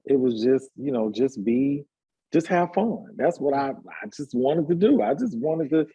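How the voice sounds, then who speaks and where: A man in his fifties, a hairstylist and party promoter, telling his life story in a relaxed interview with lots of fillers. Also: mid-range voice, a little slow, husky, muffled recording. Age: 50s. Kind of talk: casual conversational interview.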